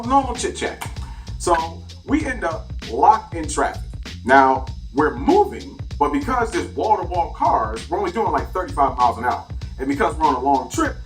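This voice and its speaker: A man's voice: a little high, recorded from a distance. A man who drives for a rideshare service tells a comedic story in an exaggerated, profane way. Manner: animated, profane, exaggerated retelling. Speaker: rideshare driver telling stories.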